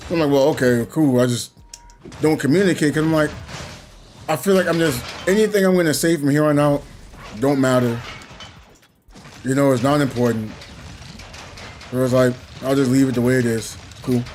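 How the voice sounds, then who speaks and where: Soft music plays behind a young man who hosts a gaming channel and chats casually while playing. His medium-pitched, slightly mellow voice moves at a moderate pace with long pauses as he rambles, reflects, and chuckles between thoughts.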